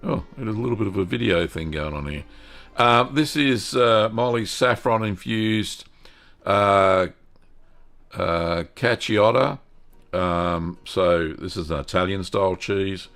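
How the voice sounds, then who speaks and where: An Australian man hosting a live stream about home cheese-making, chatting in a relaxed way with plenty of ums and quick self-corrections. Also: low-pitched. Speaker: host.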